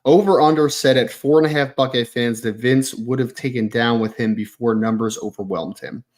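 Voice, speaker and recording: A man's voice: mid-range voice, steady tone, normal speed, darkish tone. A man co-hosting a casual sports podcast, agreeing readily and repeating his points. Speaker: podcast co-host.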